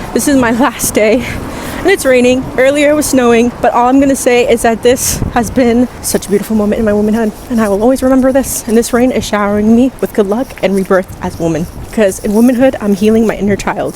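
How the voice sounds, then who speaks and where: A woman's voice: a little high, a little mellow, a little hiss or hum. A young woman in her twenties from New York, vlogging in a rambling, candid way with lots of "like.". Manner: rambling, heavy use of "like"; candid and confessional. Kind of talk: casual vlog chat.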